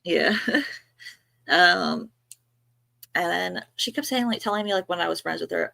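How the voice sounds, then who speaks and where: A woman's voice: fairly low pitch, measured pace, gravelly, long pauses, pushed and bright, no room sound, studio quality. A woman from New York co-hosting a livestream, chatting casually and gossiping with lots of fillers. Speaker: livestream co-host.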